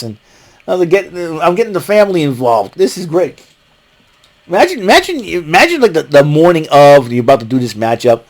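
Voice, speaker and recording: Man, casual wrestling recap, excitable, laughing, pitch jumps around a lot. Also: a little fast. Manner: excitable, laughing, rambling with fillers; watching a ball game while talking.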